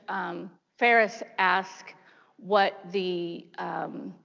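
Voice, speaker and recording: A woman in her fifties, a prosecutor, giving a chatty seminar talk full of lively asides. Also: mid-range voice. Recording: dull lo-fi sound in a large hall.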